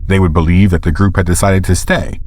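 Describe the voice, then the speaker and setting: A man narrating a scripted audio drama in a measured storytelling way. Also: low voice, fairly even intonation, darkish tone, slight background noise.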